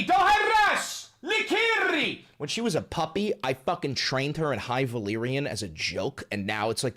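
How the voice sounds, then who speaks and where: A man hosting his own political commentary show, ranting casually and swearing constantly in a blunt, fired-up way. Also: medium pitch. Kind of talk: casual profane political rant.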